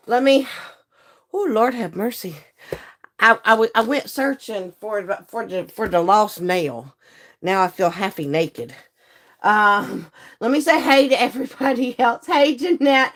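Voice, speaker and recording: Croaky-voiced woman, slow and chatty. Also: fairly high pitch, sing-song, fairly bright tone. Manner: chatty, folksy, laughs often. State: hoarse, croaky voice. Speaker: livestream host and seller. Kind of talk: casual live-stream chat greeting viewers.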